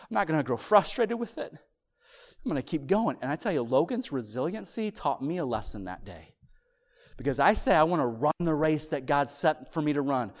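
A man preaching a sermon, telling a family story in an animated way that swings from loud excitement to hushed softness. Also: fairly high pitch, normal speed, in a large hall. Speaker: pastor.

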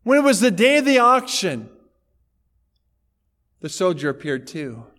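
A male preacher delivers his sermon at an unhurried pace, leaning into each phrase. His voice sits a little high for a man. He tells the story dramatically, then turns to the listeners with pointed rhetorical questions. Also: big pitch swings, a bit bright. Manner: dramatic storytelling, acting out characters' lines; emphatic, rhetorical questions to congregation.

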